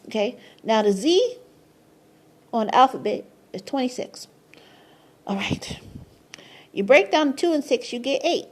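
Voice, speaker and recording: A woman explaining a number and letter method in a casual monologue, excitable and slangy, who swears, laughs often and keeps asking "okay?". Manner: rises to high squeals of surprise. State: tired, sleepy at times. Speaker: numerology vlogger.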